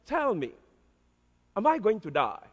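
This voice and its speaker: A man's voice: sits high, wildly swooping pitch, measured pace, full character voice. A man voicing a blunt, serious young woman who is dying, as he quotes her in his sermon. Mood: insistent. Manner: blunt, insistent. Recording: long hall reverb.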